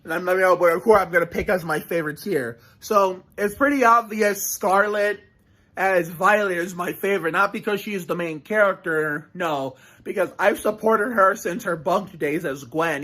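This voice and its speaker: A man's voice: high voice, normal speed, sharp tone. A man casually reacting to a show on camera, rambling with frequent restarts and swearing. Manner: rambling, profane, many restarts.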